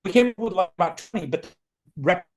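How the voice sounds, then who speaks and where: Emphatic man coaching with a slightly high voice. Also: expressive, brisk, darkish tone. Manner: emphatic, repetitive motivational phrasing. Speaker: real estate recruiting coach. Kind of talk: motivational training talk.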